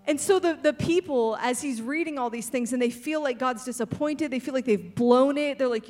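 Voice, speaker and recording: A young woman delivers a relaxed, conversational sermon in a slightly high voice. She keeps turning to the audience with quick asides and says "like" constantly. Soft music sits faintly underneath. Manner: chatty, peppered with "like", animated asides to the audience. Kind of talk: casual sermon.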